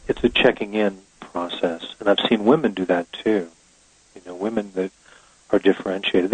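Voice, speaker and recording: A middle-aged man appears as a guest author on a podcast in a casual interview, speaking reflectively and thoughtfully with plenty of fillers. His voice is lowish, and there's background noise.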